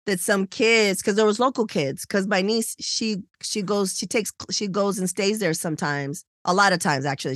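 Clean studio sound with no echo carries this woman's mid-range voice. As a podcast co-host, she narrates a story with lively energy during casual talk, performing the voices of the people involved.

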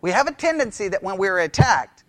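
Man, high voice, Bible class teacher, chatty lecture, rhetorical questions, dry close sound. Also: sing-song, a little fast, a bit bright, dry recording. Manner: conversational, quizzes listeners with rhetorical questions, repeats key phrases.

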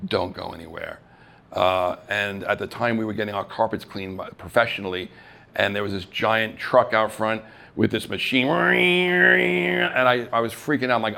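This middle-aged man has a lowish voice with vocal fry and speaks at normal speed. He animatedly recounts his acting career on a live event stage, acting out quoted voices and laughing at himself.

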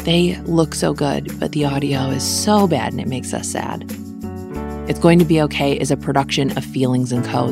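Low-voiced woman, wry podcast host. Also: brisk, creaky, over music. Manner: wry, dry humor. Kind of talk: personal essay and podcast outro.

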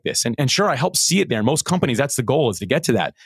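A middle-aged man, a podcast guest, telling a story in an animated, earnest way with many restarts. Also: medium pitch, rapid-fire, few pauses, husky, no echo. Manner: animated, earnest, frequent repeated starts. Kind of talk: conversational storytelling.

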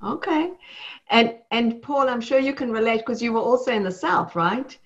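A woman's voice: fairly high pitch, expressive, moderate pace, highs cut off. A woman hosting an interview, who asks guests questions in a reflective, encouraging way. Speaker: host.

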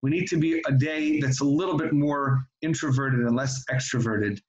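A man's voice: medium pitch, expressive, moderate pace, creaky, lo-fi sound. A man giving an earnest, reflective religious talk that moves into storytelling, often restarting his sentences. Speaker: religious teacher. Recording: echoey room.

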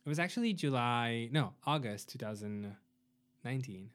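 A man's voice: mid-range voice, animated, moderate pace, fairly bright tone. A man from Romania, a podcast guest in casual chat, hesitant with many fillers and restarts, joking dryly.

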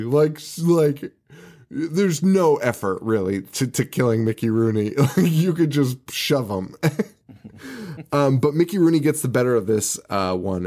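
A man's voice: mid-range voice, a little mellow. A man co-hosting a podcast, recapping a movie in casual chat, laughing often, swearing and restarting his sentences. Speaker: podcast co-host.

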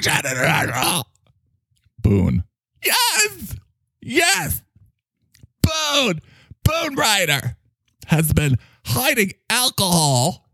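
A man voicing an excitable male character who announces gossip in a frantic way. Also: sits high, no echo, voice pushed up, full character voice. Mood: gossipy.

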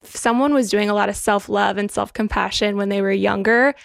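A woman's voice: mid-range voice, fairly even intonation, brisk, gravelly, dry recording, clean studio sound. A woman co-hosting a podcast, talking in an earnest, encouraging and reflective way. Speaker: podcast co-host. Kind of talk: reflective wellness podcast talk.

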